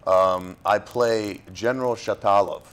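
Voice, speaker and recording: A middle-aged actor from Florida, talking casually as an interview guest, rambling with plenty of fillers and restarts. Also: male voice, on the low side, steady tone, a little slow, clear, resonant tone.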